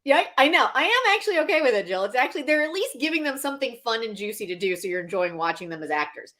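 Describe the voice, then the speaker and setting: A woman co-hosting a casual chat show, animated and laughing as she acts out scenes. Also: a little high, fast talker. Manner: animated, laughing, acting out scenes with quoted voices. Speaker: podcast co-host.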